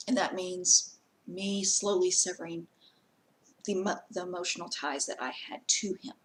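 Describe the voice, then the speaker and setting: A woman vlogging in a casual talk to camera, plainspoken and earnest, giving direct advice with frequent pauses. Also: fairly low pitch, a little hiss or hum, rough recording.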